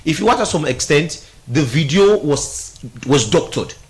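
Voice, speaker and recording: A man's voice: a little high, lively intonation, a little slow. A man with a Sierra Leonean Krio-inflected accent, giving political analysis on a radio talk show, emphatic and mixing Krio with English.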